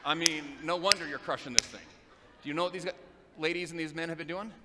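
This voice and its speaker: A middle-aged man giving an energetic motivational speech on stage at a business event, repeating phrases in a driving, emphatic rhythm. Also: on the high side, fast talker, heavy background noise. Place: large event hall, live on stage. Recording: echoey hall, faint ambience.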